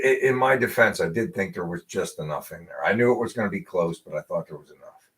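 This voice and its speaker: An American man hosting a casual live show, telling a story with animated asides and acted-out quotes. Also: deep voice. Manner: animated storyteller, acts out voices of people in his story. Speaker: podcast host.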